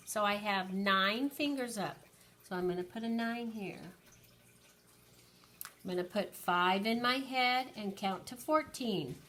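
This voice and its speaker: A woman teacher slowly and patiently counting aloud through an early-grade lesson for young children. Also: a little high, animated, sharp tone.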